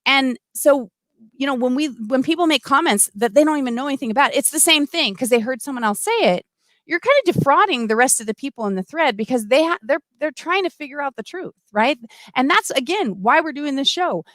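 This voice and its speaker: A middle-aged woman hosting a casual livestream, chatty and animated, full of asides and restarts. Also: high-pitched, brisk, dry recording. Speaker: livestream host. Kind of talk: casual livestream talk, reading comments.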